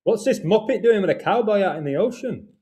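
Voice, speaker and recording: Slightly high-voiced chatty man. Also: lively intonation, brisk, warm tone. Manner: eager, chiming in with interjections like "bro" and "oh my word". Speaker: co-host. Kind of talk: casual chat.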